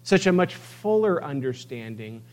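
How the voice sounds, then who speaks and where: Emphatic preacher man, higher voice. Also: sing-song, moderate pace. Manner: emphatic, swings between quiet asides and loud declarations. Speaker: pastor. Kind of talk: sermon.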